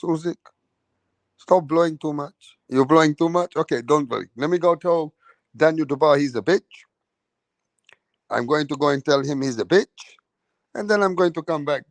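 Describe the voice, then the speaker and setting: A fawning boxing referee , as an Englishman puts him on, coos in a hushed, coaxing murmur, sitting higher than most men. The sound is dry and close, with no room around it. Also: no room sound, natural voice. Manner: hushed, coaxing, mock-gentle. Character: fawning, overly soothing male boxing referee.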